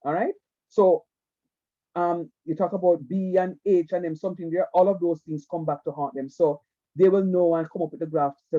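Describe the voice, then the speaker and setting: A man's voice: high voice, fairly even intonation, moderate pace, warm tone, dull audio. A man, teaching math in an online class, repeating himself and coaxing students to watch. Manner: repetitive, coaxing, keeps saying "watch me".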